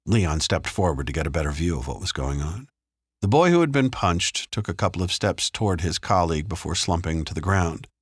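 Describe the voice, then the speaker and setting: A man narrating a thriller audiobook in a measured, even storytelling manner. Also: low-pitched, slightly rough, dry recording. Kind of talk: scripted narration. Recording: dry close studio sound.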